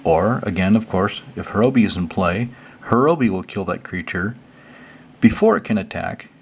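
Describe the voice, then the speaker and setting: Man, low voice, gravelly fry, casual deck walkthrough, chatty explainer, faint background hiss. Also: normal speed. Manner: relaxed, chatty, reads card text then explains it plainly. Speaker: channel host.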